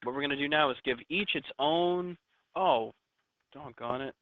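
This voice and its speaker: A man's voice: a little high, expressive, moderate pace, vocal fry, dry recording. Chatty male teacher on tinny audio. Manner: chatty, joking asides to students. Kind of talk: recorded math lesson.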